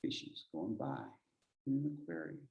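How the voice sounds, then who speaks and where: A man's voice: medium pitch, very animated, normal speed, creaky, muffled recording. A man presenting a speaking workshop over a video call, playful and teasing, firing off rhetorical questions. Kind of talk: energetic instructional talk. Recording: echoey room.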